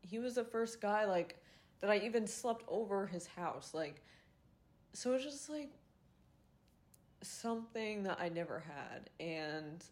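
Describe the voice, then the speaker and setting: A woman's voice: mid-range voice, animated, a little slow, long pauses, a little mellow. Emotional young woman holding back tears. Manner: emotional, fighting back tears, swears casually. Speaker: podcast host. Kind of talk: confessional casual chat.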